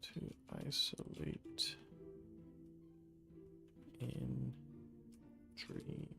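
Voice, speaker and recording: A streamer talking slowly and drowsily to themselves at the end of a late-night stream. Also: medium pitch, wildly swooping pitch, vocal fry, over music. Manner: slow, drowsy muttering to himself.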